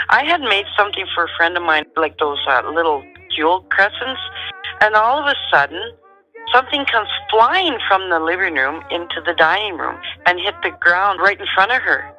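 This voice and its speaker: A middle-aged woman, calmly and matter-of-factly telling a personal story as a guest. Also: fairly low pitch, moderate pace, soft background music, poor audio. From Canada. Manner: calm, matter-of-fact storyteller.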